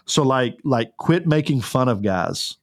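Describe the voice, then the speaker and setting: A man co-hosts a podcast in an earnest, fervent way, often restarting his sentences with "like" and "and, and". His voice sits at an ordinary middle pitch. The recording is dry and close. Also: lively intonation, measured pace, dry recording. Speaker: podcast co-host. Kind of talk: casual conversational podcast.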